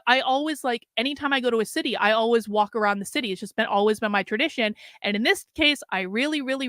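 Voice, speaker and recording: A woman's voice: fairly high pitch, bright, forceful tone, no room sound, studio quality. A woman host telling a personal story in a casual monologue, swearing often and filling her speech with "like" and restarts. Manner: profane, heavy use of filler "like", frequent restarts; agitated retelling. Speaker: political commentator host.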